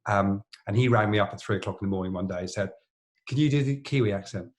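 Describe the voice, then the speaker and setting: A middle-aged man with a fairly low voice telling stories in a relaxed podcast chat. He wanders through his anecdotes, restarting sentences and padding them with fillers. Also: fast. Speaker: plastic surgeon, podcast co-host. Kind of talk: casual storytelling chat.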